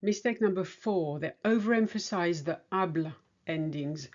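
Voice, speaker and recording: Woman, teacher type, slightly low pitch, careful demonstrative delivery, muffled dull recording. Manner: clear, deliberate modelling of French sounds. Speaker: French teacher. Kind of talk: scripted language lesson.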